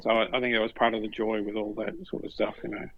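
A middle-aged Australian man telling stories in a relaxed chat, acting out the voices of the people in them. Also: lowish voice, quick pace, gravelly, lo-fi sound. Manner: animated, acts out other voices in stories. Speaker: podcast guest. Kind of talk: casual storytelling.

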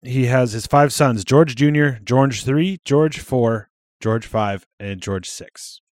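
A man's voice: mid-range voice, slow pace, darkish tone, dry recording, studio quality. Casual, swearing podcast man. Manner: casual, swears freely, trails off mid-thought. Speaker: podcast co-host. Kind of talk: casual chat.

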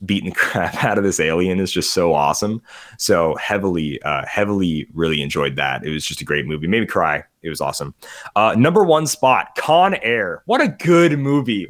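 A man's voice: low voice, a bit bright. A man chatting casually on a podcast about movies he watched, rambling, getting sidetracked and laughing often. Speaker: podcast host. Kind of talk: casual movie review chat.

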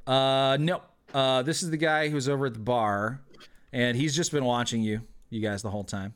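A man's voice: mid-range voice, normal speed, clean tone. A man narrating as game master of a tabletop game, hesitant, with many fillers.

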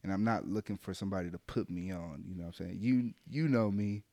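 Low-voiced man telling a story animatedly. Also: fast, no room sound. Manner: animated, profane, acts out quoted voices. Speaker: podcast co-host telling a story. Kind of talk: casual storytelling chat.

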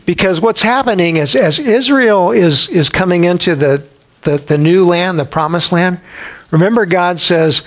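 Animated, higher-pitched male preacher. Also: normal speed. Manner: animated storytelling with acted voices; humorous, conversational. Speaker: pastor. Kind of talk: sermon.

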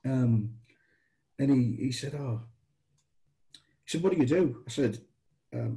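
A middle-aged British man with a mid-range voice takes his time, pausing often, on a low-quality recording. He's a guest telling casual, chatty stories, with restarts and lively impressions of those he quotes.

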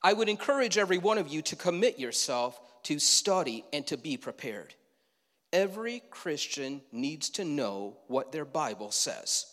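A man's voice: a little high, sing-song, moderate pace, fairly bright tone, long reverb tail. A man preaching a sermon from the pulpit in a conversational way, asking his listeners questions and adding asides. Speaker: pastor. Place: church sanctuary.

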